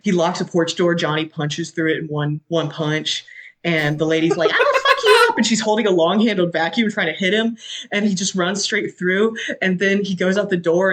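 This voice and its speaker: A podcast host gives a casual, animated retelling of a film scene, swearing and leaning heavily on fillers like "like". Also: medium pitch.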